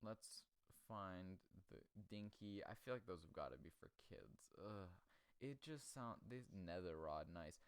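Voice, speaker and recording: Male comedy host, low pitch, dry sound; crude, rambling, quick to laugh. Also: lively intonation, clear, resonant tone, no echo. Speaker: podcast host. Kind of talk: casual comedic chat.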